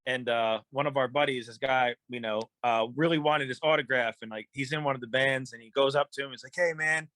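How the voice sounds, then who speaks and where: A man, a musician guest on a podcast, telling stories in a relaxed, rambling way with many fillers. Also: medium pitch, brisk, dry recording. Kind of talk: casual storytelling in an interview.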